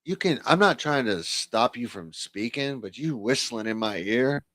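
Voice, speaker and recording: A man's voice: medium pitch, lively intonation, a little slow, fairly bright tone, no echo. A man co-hosting a casual show who talks bluntly, with slang and swearing. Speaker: co-host. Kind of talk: casual chat.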